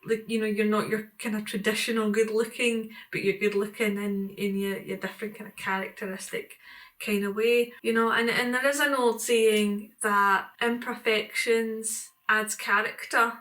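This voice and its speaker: A woman's voice: mid-range voice, flat delivery, moderate pace, fairly bright tone. A middle-aged woman, talking to camera in a casual vlog, rambling and reflective with many fillers and restarts. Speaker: vlogger.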